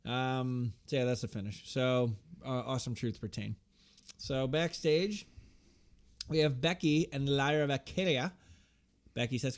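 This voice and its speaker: A man's voice: medium pitch, measured pace. Casual profane man recapping wrestling. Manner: casual, profane, reads out promo lines in a flat recap voice. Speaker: podcast co-host recapping wrestling. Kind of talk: casual chat.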